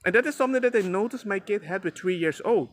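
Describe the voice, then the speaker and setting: A father sharing parenting advice talks casually and fast straight to camera, animated, emphatic and chatty, calling the viewer "bro." His high voice swoops all over the place, and he comes across as a dad giving friendly advice.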